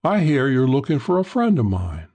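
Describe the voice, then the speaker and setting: A man doing a high, coaxing barroom girl. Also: big pitch swings, normal speed, warm tone, exaggerated voice.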